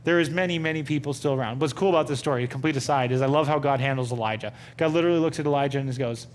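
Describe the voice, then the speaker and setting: A young man teaching a Bible study to a group in a conversational, animated way, often asking them questions. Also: a little high, fast, a little hiss or hum.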